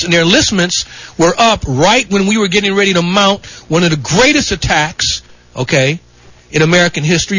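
Combative talk radio host, bright tone. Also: male voice, high-pitched, no echo. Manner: combative, rambling, heavy on "you know" and "okay". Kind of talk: opinionated talk radio monologue. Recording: dull broadcast radio sound.

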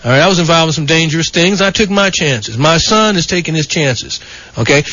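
Combative talk radio host, bright tone. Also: male voice, fairly high pitch, animated, a little fast, no echo. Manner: combative, rambling, heavy on "you know" and "okay". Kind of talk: opinionated talk radio monologue. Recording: dull broadcast radio sound.

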